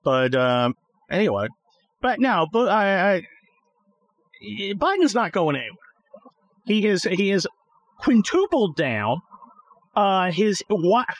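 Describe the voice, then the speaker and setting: Sarcastic guy ranting while driving, high lively voice, dry close sound. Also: takes it slowly, long pauses, low-quality recording. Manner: sarcastic, ranting, swears at traffic. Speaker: podcast host. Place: in a car.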